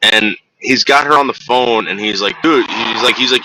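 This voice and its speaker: A man's voice: mid-range voice, normal speed, noisy background. A man streaming to his viewers, telling a long story in a rambling, profane way and acting out the voices of the people in it.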